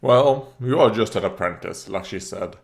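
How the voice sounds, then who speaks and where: A man's voice: on the low side, lively intonation, normal speed, vocal fry. A man hosting a reaction video, chatting casually as he watches, rambling with fillers, coughing now and then and talking back at the screen. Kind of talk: casual commentary while watching.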